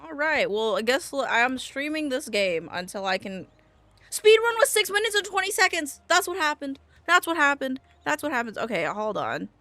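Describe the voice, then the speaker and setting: Female gaming streamer: high, bright, very animated, excitable and foul-mouthed. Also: normal speed, no room sound. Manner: excitable, swings from yelps to muttering, swears a lot. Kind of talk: live gaming stream chat.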